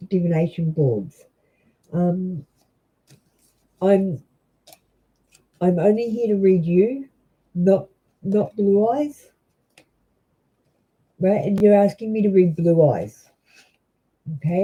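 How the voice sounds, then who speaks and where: A young Australian woman reading tarot cards on a live stream, chatty and halting, with many ums and restarts. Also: fairly low pitch, slightly rough, highs cut off. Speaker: tarot reader.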